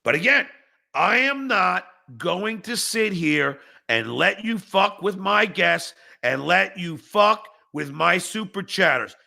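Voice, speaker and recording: Gravelly, animated man ranting as a podcast host. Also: sits high, slow pace. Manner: angry, profane, bursts into shouting; reads viewer chats aloud with mocking replies. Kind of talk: livestream rant at chat commenters.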